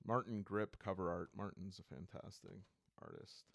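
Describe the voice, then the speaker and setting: A man's voice: low voice, animated, normal speed, vocal fry, fairly bright tone, no room sound, studio quality. A man casually flipping through and reviewing a tabletop game book, rambling and thinking aloud with enthusiasm.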